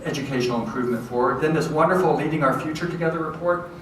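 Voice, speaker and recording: A man giving a lively, conversational lecture to educators, often checking in with his audience. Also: fairly high pitch, racing. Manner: lively, conversational, keeps checking in with "okay?" and "right?". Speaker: education professor giving a talk. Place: large hall with an audience. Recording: echoey hall from far off, faint noise.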